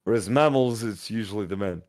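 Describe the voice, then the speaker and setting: A man's voice: lowish voice, a little fast, darkish tone. An Australian man co-hosting a podcast, joking and swearing in casual crude banter. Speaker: podcast co-host.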